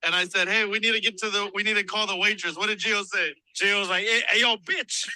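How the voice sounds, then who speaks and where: Co-host, male, high and very bright voice, animated storyteller who plays out every quote. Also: fast talker, dry recording, low-quality recording. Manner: animated, laughing, acts out quotes. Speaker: podcast co-host. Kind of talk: casual storytelling.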